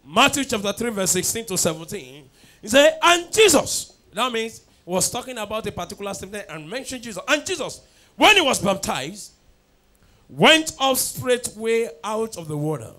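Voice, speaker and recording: High-voiced fervent pastor. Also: male voice, very animated, moderate pace, pushed and bright. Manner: fervent, repetitive call-and-response preaching. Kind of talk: sermon with sung prayer chants. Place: church at a night prayer service.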